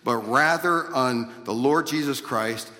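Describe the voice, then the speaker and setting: A man's voice: medium pitch, a little slow, sharp tone. A man preaching a sermon, earnestly explaining scripture and grammar, often repeating and restarting his phrases. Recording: long reverb of a hall.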